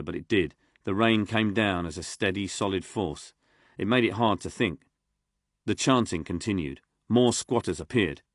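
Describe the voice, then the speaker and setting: A man reading an audiobook in a steady, measured way. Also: fairly low pitch, no echo, studio quality. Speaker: audiobook narrator. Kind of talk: scripted narration.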